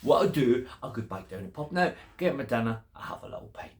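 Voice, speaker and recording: An older man voicing a quiet, unbothered old male farmer in a spoken story, talking low and softly. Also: animated, a little fast, close to an everyday voice. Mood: content.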